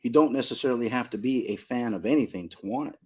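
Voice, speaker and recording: A man's voice: medium pitch, fast, husky. A middle-aged man from Southern California, a card shop owner, talking emphatically as a podcast guest and repeating his points. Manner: emphatic, repeats points, asks "you know what I mean?". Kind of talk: casual podcast conversation.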